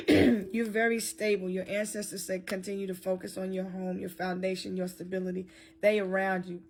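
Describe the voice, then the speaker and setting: A woman's voice: mid-range voice, little pitch movement, normal speed, a little mellow, faint music behind. A woman giving a loose, joking tarot reading, freestyling and cursing as she goes. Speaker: tarot reader.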